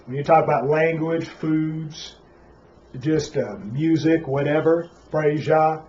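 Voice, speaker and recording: A man's voice: fairly high pitch, a little mellow, highs cut off. Man preaching a Sabbath class. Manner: preachy, repeats "Praise Yah", rhetorical questions. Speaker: Bible class teacher.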